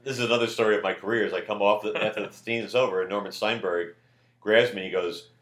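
A man, a comedian, telling a story in casual chat, loud and animated when he quotes people. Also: on the low side, fast talker, reverberant. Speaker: comedian guest.

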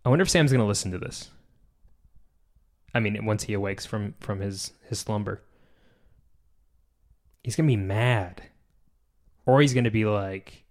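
A man hosting a solo podcast, rambling and joking and often trailing off into quiet mumbles. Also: lowish voice, sing-song, moderate pace, pauses often. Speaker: podcast host. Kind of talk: casual solo podcast chat.

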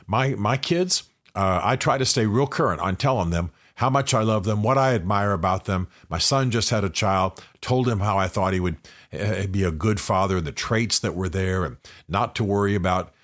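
A man's voice: on the low side, normal speed, a bit bright. An older man and men's ministry leader giving a direct, earnest motivational talk to men.

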